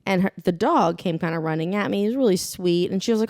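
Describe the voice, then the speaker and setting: A woman's voice: medium pitch, fast, a little mellow, dry recording, studio quality. A young adult woman co-hosting a podcast, a blunt, rambling storyteller who laughs often in casual chat. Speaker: podcast co-host.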